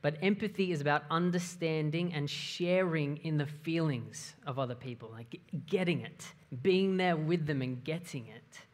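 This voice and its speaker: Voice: medium pitch, normal speed, hardly any pauses. A pastor giving a conversational sermon, often asking the listeners questions. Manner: conversational, asks the audience questions.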